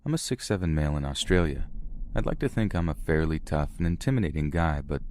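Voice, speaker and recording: A man reading a first-person horror story in a steady, measured way. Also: extremely low pitch, dry recording, studio quality. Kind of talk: scripted first-person narration.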